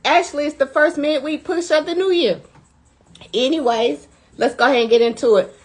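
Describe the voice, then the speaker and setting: Energetic woman coach hyping her listeners. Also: high-pitched, fairly quick. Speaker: mindset coach. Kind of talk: motivational live talk.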